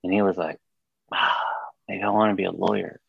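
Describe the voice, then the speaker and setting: Man, casual podcast chat, animated profane storytelling, dry close sound, slightly dull audio. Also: deep voice, a little fast, creaky, slightly rough, no room sound. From Mexican-American household. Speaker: podcast co-host.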